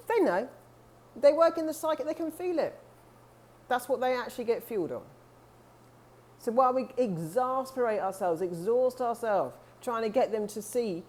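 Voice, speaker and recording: A woman talking earnestly to camera as a spiritual coach, chatty and warm-hearted, with restarts and asides. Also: a little high. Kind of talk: casual talk to camera.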